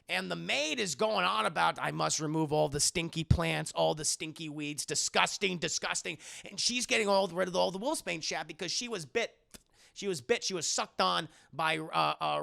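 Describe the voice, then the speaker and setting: Profane gravelly streamer recapping a film. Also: male voice, high voice. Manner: profane, animated storytelling. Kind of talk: casual film recap for a live chat.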